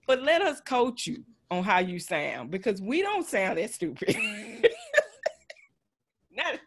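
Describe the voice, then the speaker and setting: A woman's voice: mid-range voice, takes it slowly. Texan woman with a light twang. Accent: Texas Southern twang. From Texas. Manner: laughs often, animated. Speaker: podcast host. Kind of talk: casual chat.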